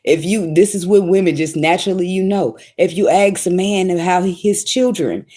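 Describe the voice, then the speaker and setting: A woman's voice: on the low side, moderate pace, warm tone. A woman tarot reader giving casual spiritual advice in a blunt, slangy, profane monologue, often breaking into laughter.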